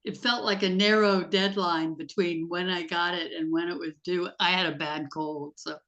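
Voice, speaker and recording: A woman's voice: lowish voice, steady tone, moderate pace, fairly bright tone, muffled recording. A woman reader speaking candidly in a casual video call chat.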